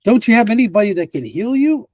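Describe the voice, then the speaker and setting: A man voicing a weary male priest healer who talks in hesitant, halting phrases. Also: on the high side, slightly rough, dry recording. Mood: kindly.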